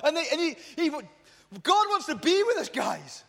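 A man, preaching a lively youth sermon to a crowd in a passionate, colloquial way. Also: extremely high pitch, normal speed, gravelly. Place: large hall at a youth event. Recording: long hall reverb.

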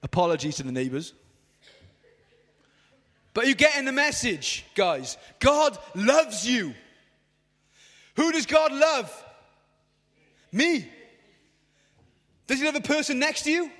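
Brief: man in his thirties, youth preacher, strikingly high voice, passionate and chatty, long hall reverb. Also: sing-song, takes it slowly, pauses often, fairly bright tone. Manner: passionate and colloquial, addressing the crowd. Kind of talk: lively youth sermon. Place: large hall at a youth event.

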